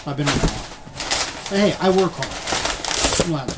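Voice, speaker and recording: A man's voice: fairly high pitch, lively intonation, moderate pace, heavy background noise. A man chatting in a rambling, casual way as he unboxes collectibles, with lots of ums and the odd curse word. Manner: rambling, filler-heavy, mildly profane. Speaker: unboxing vlogger. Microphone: computer webcam.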